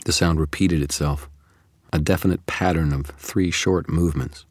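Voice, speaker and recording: Very deep-voiced man narrating an audiobook. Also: fairly even intonation, moderate pace, no room sound, clean studio sound. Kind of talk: first-person audiobook narration.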